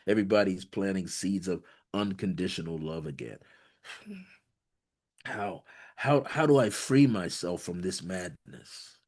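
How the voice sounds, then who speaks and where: Slow-talking man channeling spirit messages. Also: low-pitched, expressive, slightly rough. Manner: laughs often, warm repetitions, playful corny humor; switches between relayed beings and quoted voices. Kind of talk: channeling session, relaying messages.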